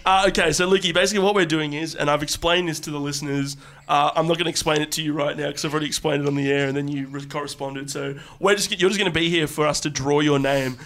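Excitable man, podcast co-host. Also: fairly high pitch. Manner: jokey, quick to burst into loud laughter and shouting. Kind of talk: casual comedy podcast chat.

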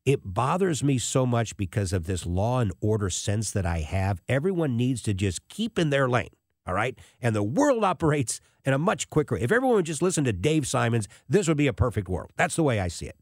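A man in his sixties hosting a radio talk show, telling a rambling, animated story with many restarts. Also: mid-range voice, a little fast, dry recording, clean studio sound. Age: 60s. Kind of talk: casual talk radio monologue.

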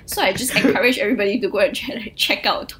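A woman's voice: mid-range voice, quick pace, fairly bright tone, slight background noise, poor audio. A young woman, co-hosting a casual pop culture podcast and talking in a chatty way with many fillers. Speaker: podcast co-host.

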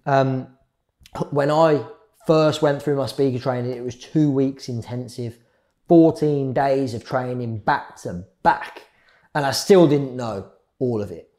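A middle-aged man giving a public speaking workshop, shifting his pace and volume and pausing for effect. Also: medium pitch. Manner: varies speed and loudness, pauses for effect. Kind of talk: live workshop talk.

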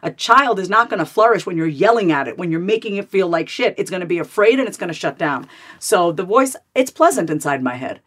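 A woman in her thirties, a therapist and author, talking candidly as an interview guest in a fast, animated way, full of "like" fillers and repeated starts. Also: lowish voice.

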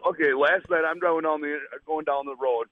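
A man's voice: on the high side, fairly even intonation, brisk, narrow, tinny audio. A man calling into a radio show, telling a traffic story in a plain, matter-of-fact way. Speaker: caller.

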